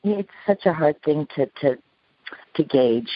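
Halting middle-aged woman, muffled sound. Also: deep voice, expressive. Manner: halting, many restarts and fillers. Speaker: interviewee. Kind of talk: recounting a past ordeal in an interview. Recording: dull, lo-fi sound.

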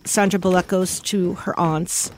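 A widow telling a heartfelt personal story about grief, pausing often. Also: female voice, fairly low pitch, fairly even intonation, noisy background.

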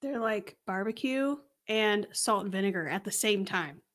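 A woman's voice: medium pitch, animated, moderate pace, fairly bright tone. A woman co-hosting a podcast from home, chatting casually and teasing her partner with easy laughter. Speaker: podcast co-host. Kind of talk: casual chat.

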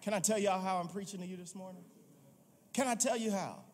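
Animated preacher with a high voice. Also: male voice, brisk, slight background noise. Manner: animated storytelling preacher, casual asides, rising to emphatic calls. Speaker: pastor. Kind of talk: sermon. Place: church sanctuary. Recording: long reverb in a large sanctuary.

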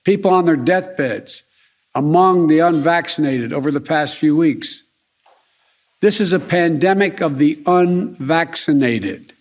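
A man's voice: a little high, measured pace. Grave man giving a formal speech. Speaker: politician.

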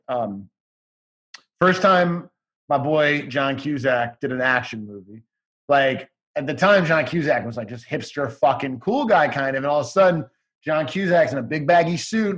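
A man's voice: fairly high pitch, fairly bright tone. A man as a podcast guest, chatting casually in a rambling, enthusiastic way and swearing now and then.

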